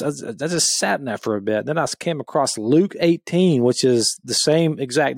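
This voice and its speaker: A man's voice: mid-range voice, vocal fry, no echo, studio quality. A man co-hosting a podcast, leading a Bible discussion and reading scripture aloud in an earnest, emphatic way with frequent restarts. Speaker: podcast co-host.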